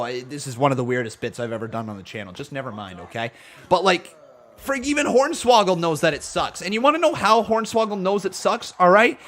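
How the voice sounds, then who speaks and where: A man hosting a live wrestling watch-along stream, talking in a jokey, excitable, self-mocking way from a home setup. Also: high voice, brisk. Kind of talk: live-stream reaction commentary.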